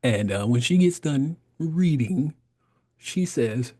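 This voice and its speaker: A man's voice: mid-range voice, animated, slow, a little mellow, husky. A man in his thirties, a podcast guest, telling his story in casual conversation, laughing often and acting out the voices he quotes.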